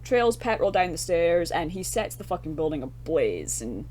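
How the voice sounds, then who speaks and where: A young woman with a lowish voice chats through a film on a podcast, recapping the plot loosely, with plenty of swearing and laughter. A faint electrical hum sits under her voice. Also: very animated, moderate pace, darkish tone. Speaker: podcast co-host. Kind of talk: casual film review chat.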